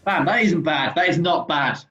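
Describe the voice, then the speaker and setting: A woman's voice: low voice, moderate pace, fairly bright tone, soft background music. A woman co-hosting a casual drawing game, playful and cheeky, often laughing. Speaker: co-host. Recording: dull lo-fi recording.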